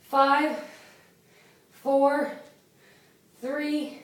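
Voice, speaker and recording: A woman leading a home workout, with a loud voice, out of breath as she exercises and counts reps in a chatty way. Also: high voice, steady tone, very slow. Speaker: fitness instructor. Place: small indoor room. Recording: echoey room from a distance.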